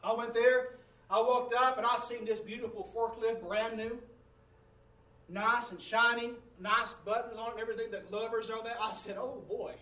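A man with a high voice preaches a sermon, telling a story and asking the congregation to answer back. He stands away from the mic in a roomy church, so his voice carries a lot of room echo. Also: flat delivery, moderate pace, bright, forceful tone, recorded from a distance.

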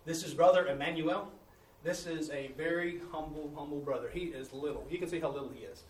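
A man's voice: on the high side, a little fast. A man, a missionary preacher telling testimonies in a folksy sermon style, acting out the dialogue. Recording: echoey room, distant mic, faint ambience.

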